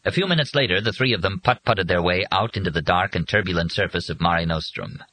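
A man reading an audiobook in a husky voice with dramatic, expressive scripted narration. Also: sits low, fast talker, dry recording, low-quality recording.

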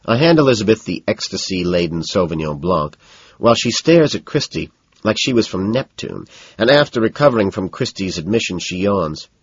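A man narrating a novel in the first person with a flat, detached, matter-of-fact delivery, in a slightly muffled recording. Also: low voice, normal speed, slightly rough, no room sound. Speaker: audiobook narrator.

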